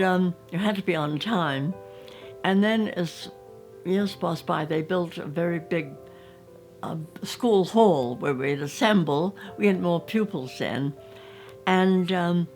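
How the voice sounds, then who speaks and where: An older English woman recalls her childhood in a low, gravelly voice, lingering on her memories and slipping into little acted-out bits. Soft music plays faintly behind her. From England. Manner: reminiscing, animated, acting out scenes. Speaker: storyteller.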